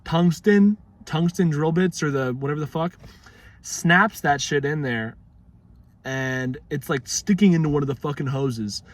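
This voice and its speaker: A man's voice: a little high, measured pace. A young man talking casually to his vlog audience, rambling and swearing freely in a laid-back way. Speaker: vlogger.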